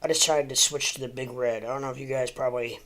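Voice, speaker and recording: A man's voice: medium pitch, steady tone, quick pace, bright, forceful tone. An American man chatting casually on a livestream, rambling with lots of fillers and restarts, and talking to his dog in between. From United States. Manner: talks to his dog mid-stream. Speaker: crypto livestream host.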